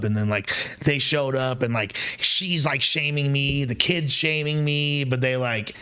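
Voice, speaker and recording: A man's voice: medium pitch, a little slow, sharp tone, smooth. Profane rambling young man streamer. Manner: profane, rambling, loose slang. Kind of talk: casual livestream storytelling.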